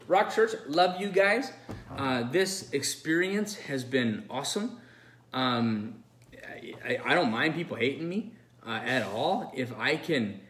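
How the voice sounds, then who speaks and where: A man's voice: medium pitch, fairly bright tone, slight background noise. Earnest rambling male pastor, roomy echo. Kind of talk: unscripted video message. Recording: echoey room.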